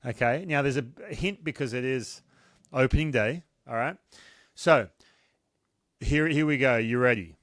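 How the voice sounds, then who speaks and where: A middle-aged man with an Australian accent hosts a relaxed sports chat, teasing his guests and poking fun at himself. His voice sits at an ordinary pitch and is recorded dry and close, with no room sound. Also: unhurried, long pauses, no room sound. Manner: joking, animated, self-deprecating. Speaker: podcast host.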